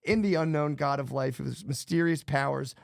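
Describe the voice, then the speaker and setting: A man's voice: mid-range voice, normal speed, creaky, no room sound, studio quality. A man co-hosting a podcast in casual chat, rambling and profane, jittery from too much coffee. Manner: rambling, profane, restarts often. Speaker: podcast co-host.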